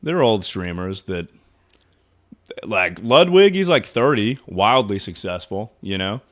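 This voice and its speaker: A young man in his twenties hosts a casual livestream while still out of breath. He is loud and excitable and swears freely. His pitch swings widely from line to line. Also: a little slow. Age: 20s. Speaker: streamer.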